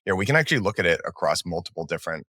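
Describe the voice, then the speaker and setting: Low bright-voiced male co-host, relaxed. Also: rapid-fire, no room sound, studio quality. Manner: relaxed, meandering, many restarts. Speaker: podcast co-host. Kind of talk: casual market talk.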